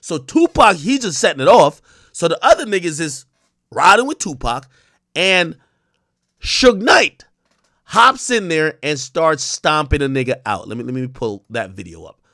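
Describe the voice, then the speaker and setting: A man's voice: on the high side, big pitch swings, measured pace, bright, forceful tone, no room sound, studio quality. A man giving casual explanatory commentary, talking viewers through on-screen footage in an emphatic, slang-heavy, profane way.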